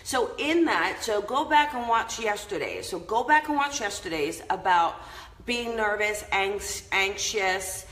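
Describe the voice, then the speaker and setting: A woman's voice: medium pitch, animated, measured pace, fairly bright tone, reverberant, low-quality recording. A woman hosting a casual live-stream chat, upbeat and chatty, laughing often as she talks to her viewers. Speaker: host of a live inspirational show.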